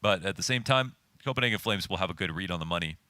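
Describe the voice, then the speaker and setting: Low-voiced guy doing esports analysis, bright and punchy, chatty, explains every angle. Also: expressive, quick pace, no room sound. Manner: chatty, explains tactics at length. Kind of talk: colour commentary.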